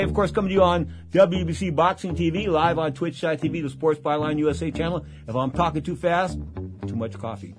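A man's voice: fairly high pitch, animated, fast, over music. An older man hosting a boxing talk radio show, rambling through stories and repeating his catchphrases. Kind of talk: casual talk radio monologue.

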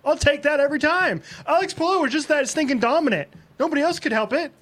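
A man's voice: very high-pitched, fast, a bit bright. A man co-hosting a motorsports radio show, giving blunt, emphatic opinions. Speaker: radio co-host. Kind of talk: casual sports radio banter.

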